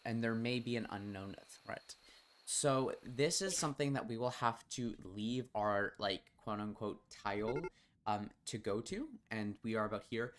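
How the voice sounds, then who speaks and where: A man streaming a colony-building game, chatting and reading out game text, quickly exasperated with his colonists, swearing and then apologizing. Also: mid-range voice, a bit bright. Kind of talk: casual gameplay commentary.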